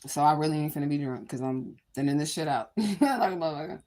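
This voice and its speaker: A woman with a slightly lower voice hosts a casual livestream. She rambles candidly, swears freely and keeps turning to her viewers to check they follow. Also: animated, fast talker, darkish tone. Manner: addresses viewers directly. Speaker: livestream host.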